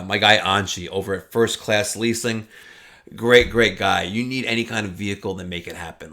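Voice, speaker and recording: A man hosting a casual car vlog with a fairly low voice. He talks in a loose, rambling way, doubling back and repeating himself as he tells his story to viewers. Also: a bit bright. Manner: chatty, rambling, repeats words. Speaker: car vlogger.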